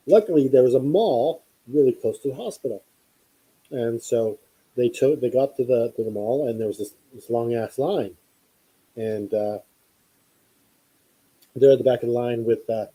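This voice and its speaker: A man's voice: mid-range voice, moderate pace, pauses often, mellow, slightly rough, low-quality recording. A man hosting a podcast, telling a long story in a casual, rambling way with many fillers and restarts. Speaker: podcast host.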